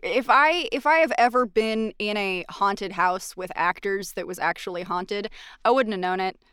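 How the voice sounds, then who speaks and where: A woman's voice: mid-range voice, moderate pace, fairly bright tone, smooth, dry recording, clean studio sound. A woman co-hosting a casual chat, giggly and self-deprecating.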